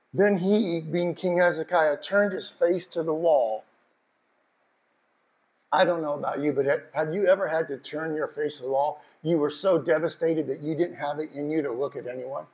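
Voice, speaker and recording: A male preacher delivering an emotional sermon, moving from hushed reflection to fervent, raised exhortation. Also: on the high side, rough recording. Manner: passionate, building from hushed to shouting.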